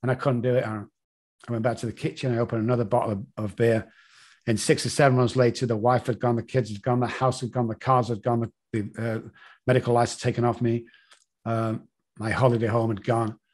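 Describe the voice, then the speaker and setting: A middle-aged man telling a confessional personal story in an interview, halting and repeating himself. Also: mid-range voice, little pitch movement, a little mellow. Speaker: guest.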